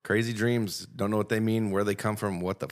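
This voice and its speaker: A man's voice: fairly low pitch, fairly even intonation, fairly quick. A man joking and bantering with a friend on a casual podcast, laughing often. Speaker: podcast co-host. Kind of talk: casual chat.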